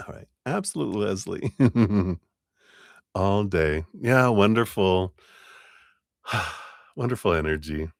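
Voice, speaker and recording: A low-voiced man reads tarot on a live stream, his pitch swooping up and down as he giggles and hums little sing-song sounds. He talks in an unhurried way, and the room around him sounds dry and close. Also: lively intonation, vocal fry, no room sound. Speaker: tarot reader.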